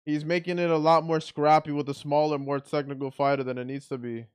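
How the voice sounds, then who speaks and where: A man giving blunt, excitable play-by-play commentary on a boxing match as he watches it live. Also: a little high, fairly quick, smooth.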